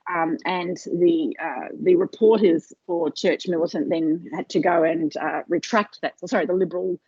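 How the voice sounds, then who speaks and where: A woman's voice: on the low side, steady tone, moderate pace, mellow, slightly rough, no room sound. A woman giving an academic seminar talk over a video call, hesitant, with many fillers and restarts. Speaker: lecturer. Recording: dull lo-fi video call audio.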